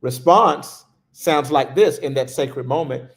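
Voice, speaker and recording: A man giving a livestreamed spiritual talk, slow and reflective, dropping to a hush on key phrases. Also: mid-range voice. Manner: slow, reflective, with hushed pauses. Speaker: spiritual teacher.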